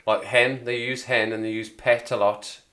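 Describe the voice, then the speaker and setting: A man's voice: medium pitch, level tone, normal speed, sharp tone. A man with a West Midlands accent, hosting a casual livestream chat, rambling and chatty with frequent laughs. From Wolverhampton area, England. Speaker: livestream host.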